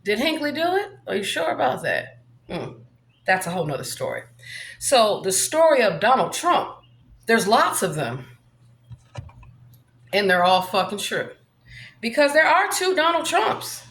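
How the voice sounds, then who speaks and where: Brash woman vlogger, high and lively voice, roomy echo. Profane, swaggering monologue. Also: unhurried, long pauses. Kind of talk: rambling monologue vlog.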